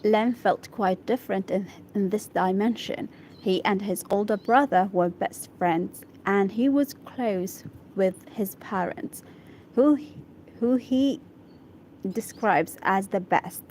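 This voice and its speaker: A woman's voice: mid-range voice, slow, a little mellow, slight background noise. A woman whose first language is Arabic reads an English article aloud for practice, stopping to sound out and repeat hard words and to check her pronunciation. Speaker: English learner reading aloud.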